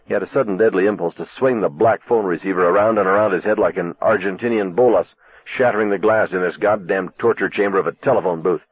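A man's voice: low-pitched, fast, breathy edge, no echo. A man narrating an audiobook expressively. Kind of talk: scripted narration. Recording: tinny, dry lo-fi cassette audiobook.

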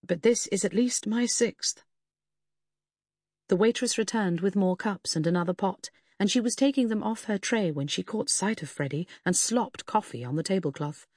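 A woman narrating a story in a measured way, voicing each character. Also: mid-range voice, darkish tone, no room sound, studio quality. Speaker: audiobook narrator. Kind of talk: scripted narration.

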